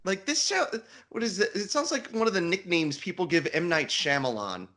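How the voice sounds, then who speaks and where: Giggly guy chatting about a book on a podcast, bright voice, bounces up and down a lot. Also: high voice, animated, moderate pace. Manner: giggly, laughs often, spells words out. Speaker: podcast co-host. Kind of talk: casual book discussion chat.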